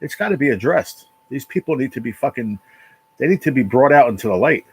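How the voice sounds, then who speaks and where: A man hosting his own livestream from his apartment, talking casually and emotionally in a halting, repetitive way with a lot of swearing. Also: mid-range voice, animated, a little mellow, husky, poor audio. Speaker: livestream channel host. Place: apartment at home.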